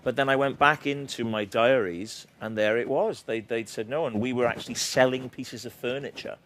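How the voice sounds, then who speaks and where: A man's voice: mid-range voice, normal speed, a bit bright. Welsh man, playful and self-mocking. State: slight sore throat. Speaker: author and comedian guest. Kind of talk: casual interview chat.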